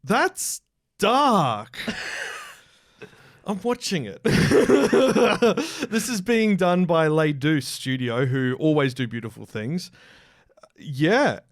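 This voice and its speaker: Giggly, enthusiastic podcast host. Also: male voice, a little high, big pitch swings, drawn-out words, long pauses. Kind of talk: casual chat.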